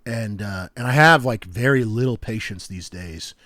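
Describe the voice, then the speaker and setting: Chatty man rambling with animated enthusiasm. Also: lowish voice, normal speed, no echo, clean studio sound. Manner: rambling, animated storyteller with many fillers. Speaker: podcast co-host. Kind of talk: casual chat.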